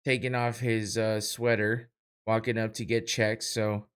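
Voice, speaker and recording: A man's voice: lowish voice, flat delivery, measured pace, smooth. A young man hosting a casual solo podcast, talking over a live fight with rambling, profane, self-mocking chatter and frequent laughs. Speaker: podcast host. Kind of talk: casual solo watch-party commentary.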